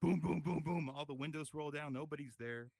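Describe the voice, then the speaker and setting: A man's voice: a little high, brisk, creaky, slightly rough, no echo. A man performing stand-up comedy, swearing freely and working the crowd with lots of energy. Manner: profane, energetic crowd work. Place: virtual reality comedy club.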